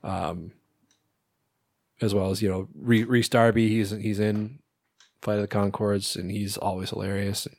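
A man with a low voice talks through a film in relaxed podcast chatter. He swears casually, laughs often and leans on fillers. The recording is dry and close, with no room sound. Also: a little slow, gravelly, long pauses, no room sound. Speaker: podcast co-host.

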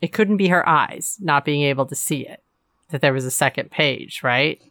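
A woman co-hosting a podcast, chatting playfully about a baking show and thinking out loud as she goes. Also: low-pitched, moderate pace, dry recording, studio quality. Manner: playful, rambling, thinks aloud. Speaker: podcast co-host. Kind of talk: casual chat recapping a TV show.

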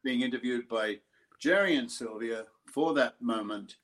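An older Australian actor telling a lively story in an interview, acting out other people's voices. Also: male voice, mid-range voice, unhurried. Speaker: actor guest. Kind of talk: interview anecdote.

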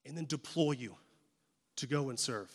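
A man's voice: mid-range voice, normal speed. A male pastor preaching a sermon in a church, conversational and joking with emphatic turns. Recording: echoey church hall.

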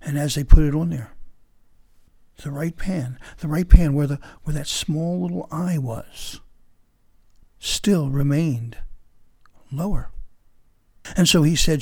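A man telling a story aloud, with dramatic pauses and sudden drops to whispers and rises to loud emphasis. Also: on the high side, steady tone, slightly rough, no room sound. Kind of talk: oral storytelling.

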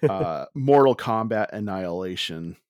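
A man's voice: low-pitched, expressive, darkish tone, no room sound, studio quality. A man co-hosting a casual movie review podcast, talking candidly with frequent restarts. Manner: halting, lots of restarts and fillers, candid. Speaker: podcast co-host.

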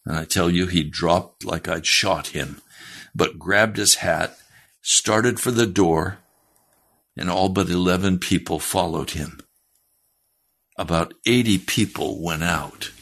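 A man's voice: deep voice, slow, fairly bright tone. A male preacher retelling a first-person story in his sermon, emphatic and challenging his listeners directly.

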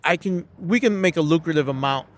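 A man's voice: on the high side, fairly quick, a little hiss or hum. A middle-aged man from New City, telling stories as a comedian guest in a casual interview, acting out quotes with frequent restarts. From New York City.

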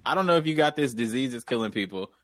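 A man's voice: medium pitch, lively intonation, fast talker, fairly bright tone, dry recording. A man with a middling voice trades dry, mock-formal quips in a casual podcast chat. His sound is close and dry, with no room around it. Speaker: podcast co-host.

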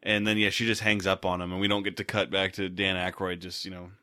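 Wry low-voiced man recapping a movie. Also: level tone, fast, bright, forceful tone, clear, resonant tone, no room sound, clean studio sound. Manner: profane, laid-back, wry. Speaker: podcast co-host. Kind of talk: casual movie recap chat.

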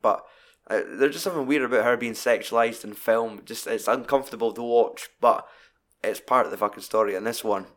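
A man's voice: medium pitch, brisk, a bit bright. A man, co-hosting a podcast about films, rambling and swearing freely as he retells scenes. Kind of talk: casual film chat.

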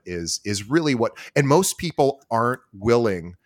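A man's voice: mid-range voice, normal speed, dry recording, clean studio sound. A man hosting an interview, chatting casually and acting out quoted lines with lots of stammered restarts. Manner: animated storyteller who acts out quoted lines, stammers on restarts. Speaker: podcast host.

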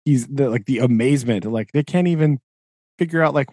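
A man co-hosting a podcast, casually retelling a book chapter in an animated way, acting out the characters' lines with lots of filler words. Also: medium pitch, fairly quick, no room sound. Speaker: podcast co-host.

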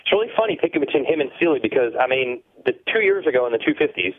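A man talking through his sports picks in an even, reasoning way, heard as a co-host. His voice comes through a thin, phone-like line. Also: mid-range voice, rapid-fire. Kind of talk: casual sports chat.

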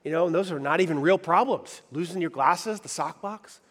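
A middle-aged man, a pastor, telling a funny personal story in a sermon, animated and conversational, often asking the audience questions. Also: a little high, a little fast. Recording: reverberant hall.

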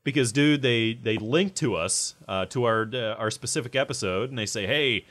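A man's voice: mid-range voice, normal speed, fairly bright tone. A man hosting a metal podcast, chatting casually with lots of fillers and restarts. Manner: rambling, many fillers. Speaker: podcast host.

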